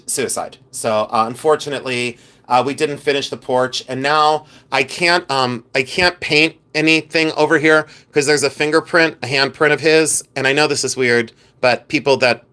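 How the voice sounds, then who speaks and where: A man vlogging in a chatty, campy way, with animated asides. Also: medium pitch. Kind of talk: casual chat.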